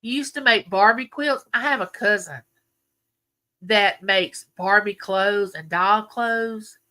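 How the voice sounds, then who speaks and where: An older woman with a drawl hosts a casual live chat, her folksy talk drifting between memories and viewers' comments. Her voice is bright and clear, pitched in a middle range. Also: takes it slowly. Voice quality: chatty, folksy, reminiscing. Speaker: livestream host.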